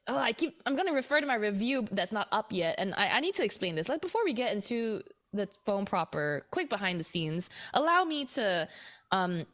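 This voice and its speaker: A woman hosts a casual tech podcast. She talks in a chatty, rambling way, restarting her sentences as she goes. Her voice sits at an ordinary pitch. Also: a bit bright. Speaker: podcast host.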